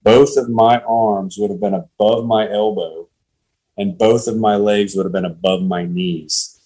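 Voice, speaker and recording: A man's voice: on the low side, fairly even intonation, unhurried, dark tone, breathy edge, poor audio. A man in his late thirties, a podcast guest, telling his faith story in an earnest, plain-spoken way over a call. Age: 30s. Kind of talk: testimony in casual conversation.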